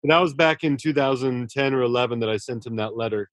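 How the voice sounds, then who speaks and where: A man's voice: mid-range voice, fast talker, no echo. Male author guest, earnest and effusive, restarts a lot, dry recording. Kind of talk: casual interview talk.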